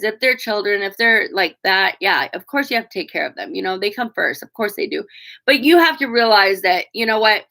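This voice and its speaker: Bright-voiced frank woman in her forties. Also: mid-range voice. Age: 40s. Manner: frank, emotional and chatty, with frequent fillers and swearing. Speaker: vlogger talking to viewers. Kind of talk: candid live-stream chat.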